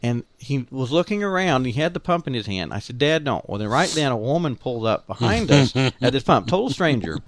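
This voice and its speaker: Male podcast co-host, Southern Illinois accent, animated storyteller who does the voices, lively pitch, dry sound. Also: no room sound. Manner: animated storyteller, acts out quoted family voices. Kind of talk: casual storytelling chat.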